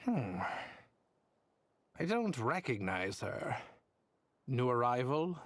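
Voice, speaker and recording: A posh, sneering scholar. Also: male voice, medium pitch, sing-song, takes it slowly. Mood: questioning. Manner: posh, condescending, skeptical, drawling. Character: haughty male academic official. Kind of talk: game voice acting.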